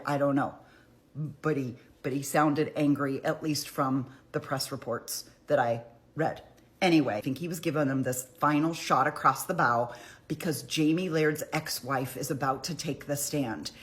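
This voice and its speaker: Low-voiced woman recapping a trial. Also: fairly even intonation, normal speed. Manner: chatty, conversational, with frequent "like" asides; dramatizes quotes with emphatic retellings. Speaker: true crime commentator.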